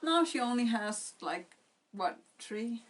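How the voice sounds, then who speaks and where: A woman in a casual discussion, mostly giving quiet brief remarks. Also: fairly high pitch, lively intonation, takes it slowly, recorded from a distance, slight background noise.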